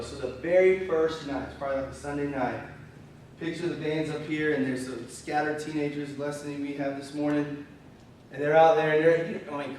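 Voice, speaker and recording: A man gives an animated, chatty sermon as a youth pastor, his slightly strained voice sitting a little high. He sounds far from the microphone in a very echoey church hall. A faint hiss sits under the room. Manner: animated, conversational, breaks into laughter. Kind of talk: storytelling sermon.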